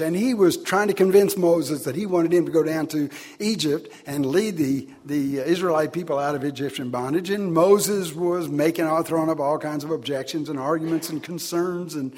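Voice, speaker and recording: A man preaching a sermon, swinging between loud, emphatic declarations and quiet asides. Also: a little high.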